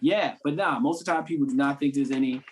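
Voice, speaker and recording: A man's voice: medium pitch, quick pace, a loud crowd. A man from the Cambridge area, a guest actor in a casual conversation, talking loosely with many "you know what I'm saying" fillers. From Cambridge, Massachusetts.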